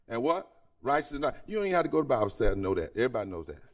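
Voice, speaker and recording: A man's voice: mid-range voice, big pitch swings, fast. Man preaching hard, voice swooping up and down, sounds kinda far off the mic. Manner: impassioned preaching that climbs to near-singing, calls out to the audience. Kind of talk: sermon-style conference address. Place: large conference hall.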